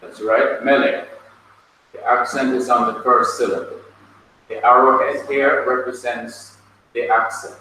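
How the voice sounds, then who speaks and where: A man's voice: mid-range voice, fairly even intonation, a little slow, sharp tone. A male teacher leading a classroom lesson, calling on students by name and patiently drilling their pronunciation. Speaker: Hebrew teacher. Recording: echoey classroom from far off, faint noise.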